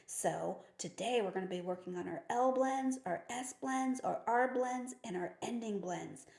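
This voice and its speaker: Her voice sits on the high side, creaky and a little mellow, and she takes her time. She's a reading teacher walking teachers and parents through phonics with upbeat patience, kid-friendly playful wording, and questions she raises and then answers, all in an echoey room.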